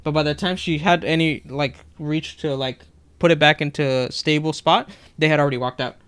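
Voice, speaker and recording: Young male podcast co-host, animated storyteller, clean resonant voice. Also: fairly high pitch, a little fast, smooth. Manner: animated, acts out customers' lines in retelling. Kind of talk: casual storytelling chat.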